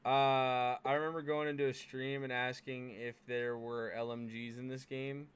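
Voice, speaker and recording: A man's voice: medium pitch, flat delivery, moderate pace, smooth. A man hosting a casual gaming podcast, laid-back and swearing freely. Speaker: podcast host.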